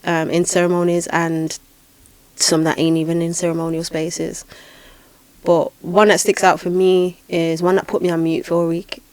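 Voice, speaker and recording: A woman hosting a podcast, telling a spiritual experience in a lively, dramatic way with repeated phrases. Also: lowish voice, no echo. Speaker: podcast host and spiritual healer. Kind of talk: casual podcast storytelling.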